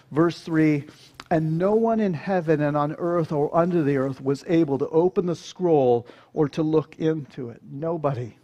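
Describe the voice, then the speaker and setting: A man delivering a sermon with a slightly raised pitch. He speaks earnestly, piling up phrases and pressing rhetorical questions with rising emphasis. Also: darkish tone. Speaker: preacher.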